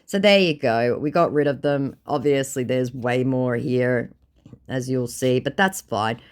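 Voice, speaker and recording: A woman's voice: a bass voice, a little slow. An Australian woman casually recounting chats in a blunt, sarcastic manner. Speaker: scam-baiting vlogger.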